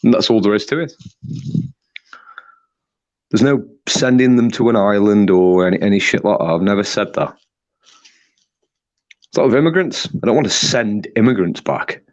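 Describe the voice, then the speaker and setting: A man's voice: lowish voice, lively intonation, normal speed, long pauses. A man speaking as a guest in a heated panel debate, rambling and defensive and often tagging his points with "right?".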